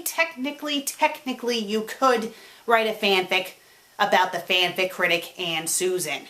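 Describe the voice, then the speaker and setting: Woman, casual Q&A vlog, animated delivery, mid-range pitch, repeats words when she trips up. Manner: animated, swings between excited and subdued, repeats words when she stumbles. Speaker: web show creator answering viewer questions.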